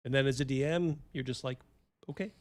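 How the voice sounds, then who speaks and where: A man's voice: mid-range voice, fairly even intonation, fast. A man hosting a casual chat show, rambling and swearing freely. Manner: rambling, profane, laughs a lot. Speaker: host.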